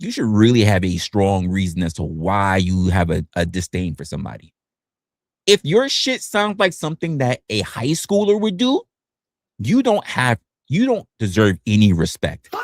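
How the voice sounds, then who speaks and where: A man's voice: mid-range voice, no room sound, studio quality. A man in his forties giving a blunt, profane livestream rant from his home office. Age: 40s. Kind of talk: ranting livestream monologue.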